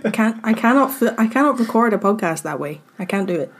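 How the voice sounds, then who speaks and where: A woman's voice: a little high, animated, fast talker, slightly rough. A woman co-hosting a podcast, chatting casually and laughing easily as she reads from her notes. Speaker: podcast co-host presenting the story. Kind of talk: casual chat.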